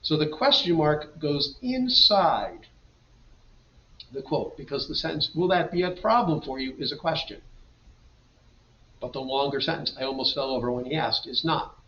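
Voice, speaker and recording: A man's voice: on the high side, expressive, normal speed, a bit bright, a little hiss or hum. A man teaching a grammar lesson over a slideshow, explaining patiently and reading example sentences aloud. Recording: dull, roomy, mic at a distance.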